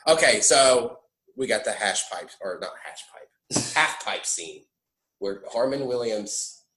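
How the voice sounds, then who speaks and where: A man hosting a podcast, chatting casually about a film, animated and laughing often, stumbling over restarts. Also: lowish voice, takes it slowly, echoey room, poor audio. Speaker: podcast host.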